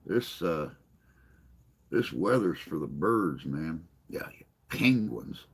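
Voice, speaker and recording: A man hosts a relaxed morning live stream and talks straight to his viewers. His voice sits very deep and low, and he takes his time, drifting from one joke to the next while he answers their messages. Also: takes it slowly, husky. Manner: rambling, joking, reads and answers chat. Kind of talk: casual chat with live chat viewers.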